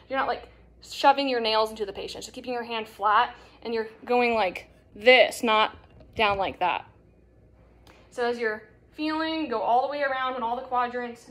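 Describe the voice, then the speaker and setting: A woman's voice: on the high side, a bit bright. A young woman teaching a hands-on nursing assessment, explaining in a casual way with many fillers. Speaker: nursing instructor. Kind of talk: demonstration lesson.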